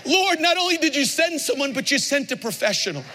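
A man's voice: high voice, brisk, bright, forceful tone. A preacher voicing a devout grandmother in her late seventies. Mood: exultant. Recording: long reverb of a large hall.

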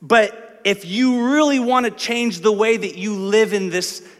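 A pastor with a high-pitched voice preaches unhurriedly in church, telling a story conversationally before building to emphatic lists. The large hall gives his sermon a long reverb.

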